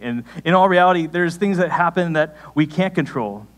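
A young adult man preaching a sermon, telling a personal story in a conversational way, with sudden rises in pitch. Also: expressive, brisk. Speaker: pastor.

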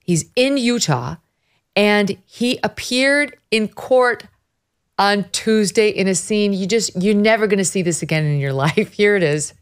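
Woman, podcast host, animated storytelling, mid pitch, casual commentary. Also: clean tone. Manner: animated storytelling, quick asides.

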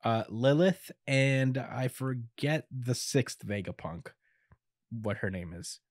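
A man's voice: medium pitch, dry recording. Laid-back man recapping a comic chapter. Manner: laid-back, chuckles often, acts out quotes in quick bits. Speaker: podcast co-host recapping manga. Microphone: podcast microphone.

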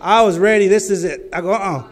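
Man, preacher, high voice, fervent sermon, bursts of loud exclamation. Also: fast.

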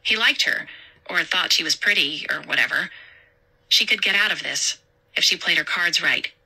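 A woman narrating a horror story in a steady, measured way. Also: lowish voice, gravelly, husky, poor audio.

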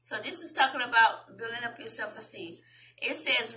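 A woman with a Southern US accent, chatting casually with viewers as a vlogger and reading an article aloud in a slow, deliberate way. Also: a little high, background noise.

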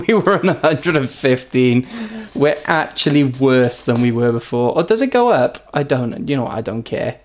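A man commenting on his own racing gameplay, joking at his own expense and yelping loudly when he crashes. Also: lively intonation, moderate pace. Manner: self-mocking, yelps high when crashing. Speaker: gaming YouTuber. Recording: loud background noise.

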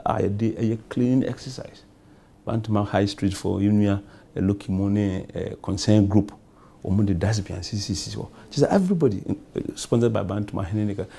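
This Ghanaian member of parliament's voice is lowish, creaky and mellow, with a breathy edge. He rambles repetitively through his answers on a talk show, moving between English and Twi.

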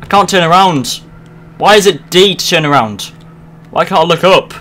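A man commentating his horror game playthrough, swearing a lot and shouting at the game when it frightens him. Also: high voice, normal speed. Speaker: let's play host. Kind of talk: gaming commentary.

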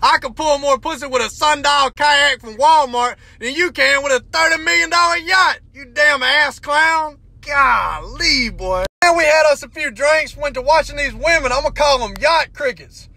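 Loud, bright-voiced man ranting. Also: very high voice, fairly even intonation, moderate pace, few pauses, dry recording. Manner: loud, crude, drawling storytelling. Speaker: comedian. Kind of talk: comedic rant to camera.

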